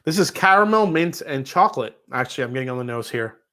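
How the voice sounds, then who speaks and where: A man's voice: medium pitch, expressive, fast, sharp tone. A man with a New York accent hosting a casual whiskey livestream, reading out viewer messages and chatting loosely, with casual swearing.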